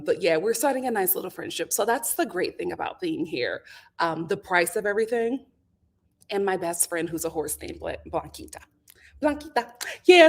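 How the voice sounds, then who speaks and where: A woman's voice: medium pitch, fairly bright tone. A woman hosting a casual live stream, reading out viewer comments and making dramatic, laughing outbursts. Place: home.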